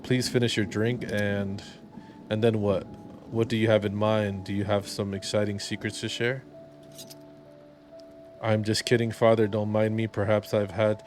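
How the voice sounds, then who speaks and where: A man's voice: on the low side, darkish tone, close to an everyday voice. A man reading out the lines of a flirtatious, tipsy woman teasing a priest in a game. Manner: reads game subtitles aloud, teasing.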